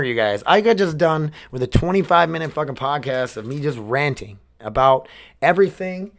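A man in his twenties hosting a solo podcast, rambling and swearing, emotionally worn down. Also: fairly high pitch. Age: 20s. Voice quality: rambling, swearing, restarts sentences. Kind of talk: casual solo podcast rant.

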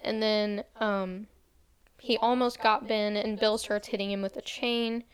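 Speaking in a steady, mid-range voice, a young woman casually walks a friend through the plot of a horror film. Her recap moves quickly, and she slips into a light voice whenever she quotes the characters.

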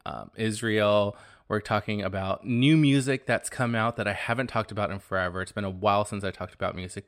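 A man hosting his own podcast, talking in a casual, animated and gossipy way, often exclaiming. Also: fairly low pitch. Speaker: podcast host.

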